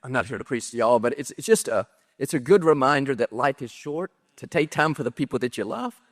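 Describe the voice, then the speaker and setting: A man's voice: medium pitch, lively intonation. Tearful middle-aged man in a reverberant hall. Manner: halting and tearful, with many restarts and soft laughs. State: tearful, voice cracking. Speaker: pastor being interviewed. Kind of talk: emotional personal story on stage. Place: stage at a large pastors' gathering. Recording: long reverb of a large hall.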